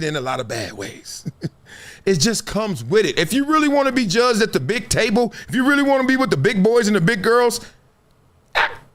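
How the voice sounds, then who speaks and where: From a home studio, a middle-aged host of a sports talk livestream responds to his chat, building up emphatically and laughing a lot. His voice is high with a fairly bright tone.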